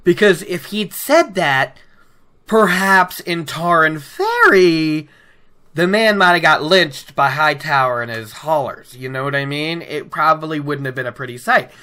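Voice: medium pitch, expressive, a little slow, sharp tone. A podcast host casually recapping a fantasy book chapter with chatty, enthusiastic asides.

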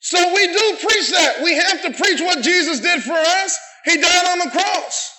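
A middle-aged pastor preaching a sermon in a church, shouting passionately and calling on the congregation to say amen. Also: male voice, very high voice, moderate pace, a faint crowd. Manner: impassioned shouted preaching with call-and-response. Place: church sanctuary. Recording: echoey church room.

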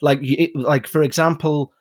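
A man's voice: on the high side, steady tone, moderate pace, husky. A man from the UK in his forties, a podcast guest explaining at length in a conversational way. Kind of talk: casual chat.

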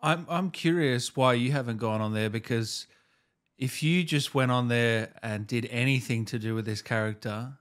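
A man with an Australian accent hosting an interview, eager and quick to agree with his guest. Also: mid-range voice, a bit bright. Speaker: interview host. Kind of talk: casual interview chat.

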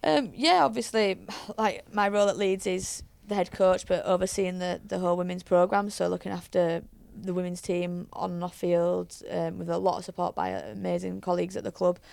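Chatty woman with a gravelly edge. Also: fairly low pitch, steady tone, moderate pace, few pauses, darkish tone, no echo. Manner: chatty storyteller, frequent fillers and restarts. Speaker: head coach, podcast guest. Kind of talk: casual interview chat.

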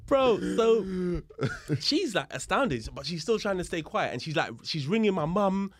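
A man, a guest on a podcast, telling a story in a lively, casual way and acting out the other people's voices, with street slang and swearing. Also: sits high, unhurried, no echo. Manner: animated, acts out the voices of people in his story. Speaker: podcast guest, police officer.

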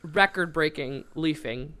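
A woman's voice: low voice, measured pace, sharp tone. A woman co-hosting a podcast with friends, chatty, with lots of fillers and casual swearing. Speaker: podcast co-host. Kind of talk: casual chat.

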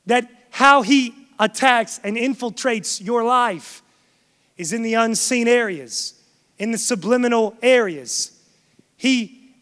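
A man preaching an impassioned sermon as pastor in a church, dropping soft and then rising loud for emphasis. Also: very high voice. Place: church sanctuary. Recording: long reverb of a large hall.

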